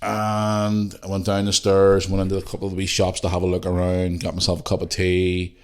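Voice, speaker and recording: A man's voice: low-pitched, completely flat delivery, brisk, darkish tone, smooth. A middle-aged Northern Irish man hosting a podcast, telling a rambling, sweary story and talking to his listeners as guys. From Northern Ireland. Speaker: podcast host. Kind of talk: casual storytelling chat.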